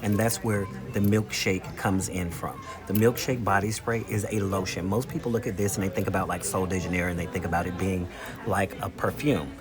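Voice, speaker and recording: A man chatting casually to camera in a weekly vlog, telling stories and showing off products in an animated, talkative way. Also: low-pitched, a little fast, over music. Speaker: vlogger. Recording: noticeable background noise.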